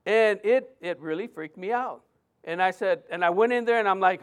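A middle-aged man preaching a sermon, telling a personal story in a lively way with many restarts and fillers. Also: high voice, fairly quick, smooth.

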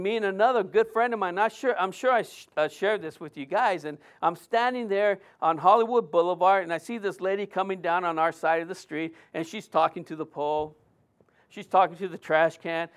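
A middle-aged man preaching a sermon, telling a personal story in a lively way with many restarts and fillers. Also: sits high, clear, resonant tone.

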